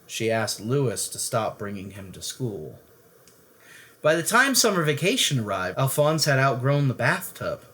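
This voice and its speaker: A storyteller reading a bedtime picture book aloud with an expressive delivery. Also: mid-range voice, normal speed.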